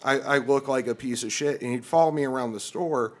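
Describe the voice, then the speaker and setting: A young male comedian spins a rambling anecdote on a podcast, cursing casually and jumping into loud, pitched-up impressions of the people he quotes. His voice sits at an ordinary middle pitch. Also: a little fast. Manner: profane, animated storyteller who acts out quotes loudly. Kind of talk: casual storytelling among friends.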